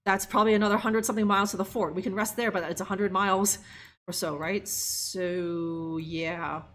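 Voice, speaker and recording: A woman's voice: mid-range voice, fairly even intonation, normal speed, fairly bright tone. A woman streamer chatting casually and laughing as she plays a game live and talks to her viewers. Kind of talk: live gameplay commentary.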